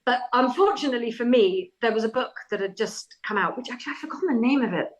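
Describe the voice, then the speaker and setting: A middle-aged woman, talking as a guest in a podcast interview. She tells her stories in a lively, chatty way, with self-deprecating humour and an easy conversational pace. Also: on the high side, fast talker, low-quality recording. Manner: animated, chatty anecdotal telling with self-deprecating laughs. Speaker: author guest. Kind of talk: casual interview storytelling.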